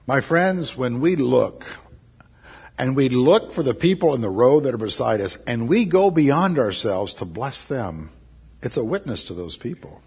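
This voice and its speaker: A man's voice: mid-range voice, sing-song, measured pace, darkish tone, husky. A man preaching a sermon, emphatic and repeating his key phrases. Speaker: pastor.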